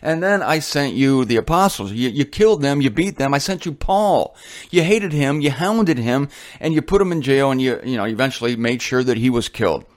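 A man's voice: mid-range voice, expressive, moderate pace, natural voice. A man speaking as God, reproaching people for rejecting the messengers he sent. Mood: reproachful. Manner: scolding, rhetorical.

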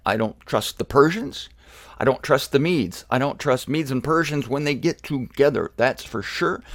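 A male Bible teacher reads from an article and comments in a loose, joking way. He pokes fun at himself between the quotes. His voice sits at an ordinary pitch in a dry, close recording. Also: dry recording. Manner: joking asides, self-deprecating. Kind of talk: casual Bible lecture.

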